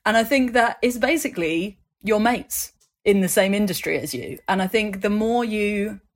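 A woman, a guest in a conversational interview, telling animated stories and leaning on fillers like "um" and "like". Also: medium pitch, normal speed. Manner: animated storytelling, acts out voices in anecdotes, many fillers.

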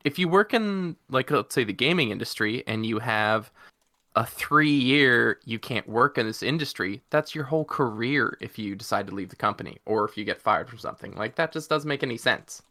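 A man's voice: medium pitch, animated, normal speed, pushed and bright. A man from Canada co-hosting a casual livestream chat, telling joking stories. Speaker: co-host.

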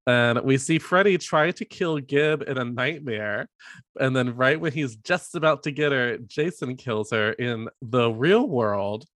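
A man co-hosting a podcast, chatting casually about a horror movie, playful and quick to laugh. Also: medium pitch, no room sound. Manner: animated, laughing often, playful asides. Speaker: podcast co-host.

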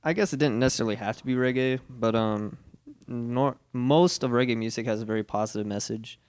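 Smooth-voiced laid-back man, chatting. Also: medium pitch, a little fast, a little mellow. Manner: laid-back, rambling, swears casually. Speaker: reggae band member, guest. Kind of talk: casual chat.

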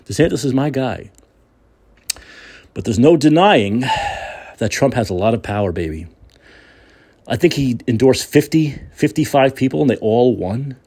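Ranting, husky-voiced male talk host. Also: medium pitch, lively intonation, unhurried, pauses often, a little mellow. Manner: ranting, sarcastic, profane. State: angry. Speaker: political talk show host. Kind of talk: angry political monologue.

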